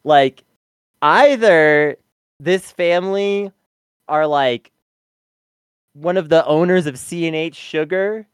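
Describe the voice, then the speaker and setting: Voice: medium pitch, slow, pauses often, smooth, no echo. A podcast co-host recapping an episode in casual review chat, wry and often laughing. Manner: wry, laughing, sums up the plot.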